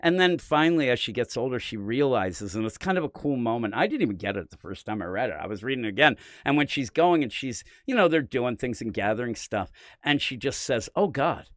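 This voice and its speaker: A man's voice: medium pitch, animated, brisk, few pauses, no echo, clean studio sound. Rambling enthusiastic man reviewing comics. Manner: rambling, enthusiastic, lots of fillers. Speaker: comic book podcast host. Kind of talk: casual comic review chat.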